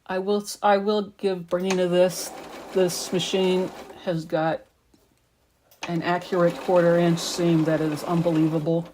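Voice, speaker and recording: A middle-aged woman with a lowish voice, talking in a loose, rambling way while she works at her quilting. She chats on casually from her sewing room. A sewing machine hums faintly behind her. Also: level tone, a little slow, darkish tone, slight background noise. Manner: rambling, chatty, talks while working.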